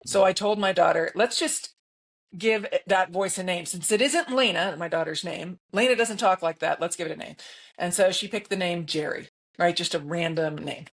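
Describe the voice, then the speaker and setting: A woman in her fifties, a broadcaster guest on a podcast, telling stories in a lively, emphatic way and often checking in with "right?". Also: on the low side, moderate pace. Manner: lively storyteller, emphatic, frequent "right?" tags. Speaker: guest, broadcaster and keynote speaker. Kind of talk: conversational podcast interview.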